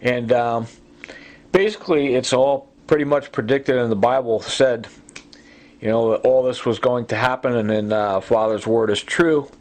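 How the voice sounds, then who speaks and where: A sleep-deprived man talking in a rambling, agitated monologue, halting and repeating himself with many fillers. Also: mid-range voice, fairly even intonation, a little mellow. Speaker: vlogger.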